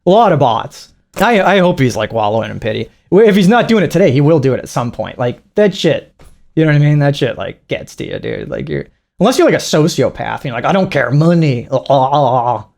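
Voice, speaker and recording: A podcast co-host talking in loose, casual chat, with a voice that swings widely up and down in pitch. The talk rambles and swears freely, breaking into mocking acted-out quotes. The pitch itself sits in a middle range. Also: sing-song, fast, creaky, a little mellow.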